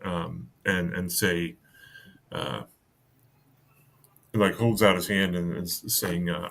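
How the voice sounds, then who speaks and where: A man narrating as game master of a tabletop game, halting and full of fillers. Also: sits low, steady tone, gravelly, a bit bright. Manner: halting, many fillers and restarts.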